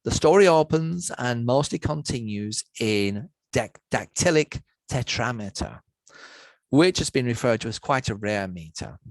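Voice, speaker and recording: A man giving an academic lecture to university students online, measured and methodical, setting out word lists one item at a time. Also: mid-range voice, dry recording, poor audio.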